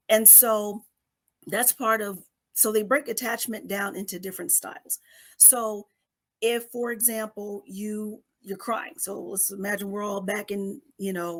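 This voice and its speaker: A middle-aged woman on a podcast explaining a psychology topic in a conversational way, often checking in with "okay?" and acting out little scenes. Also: mid-range voice. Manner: acts out babies and parents in quoted voices.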